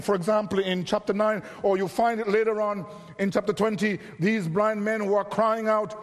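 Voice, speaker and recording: A man with a high voice preaching a sermon. He speaks earnestly and draws out key phrases for emphasis. His voice carries a long reverb, like a large hall.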